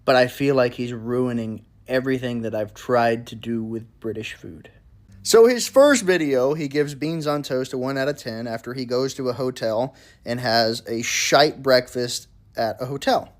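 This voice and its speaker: A man in casual commentary, explaining patiently at a mid pitch. He is relaxed and throws in the odd mild swear. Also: moderate pace.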